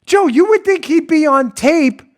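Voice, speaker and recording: High, animated ranting male podcast host. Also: a little slow. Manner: emphatic, sarcastic, animated ranting. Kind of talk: opinionated talk show monologue.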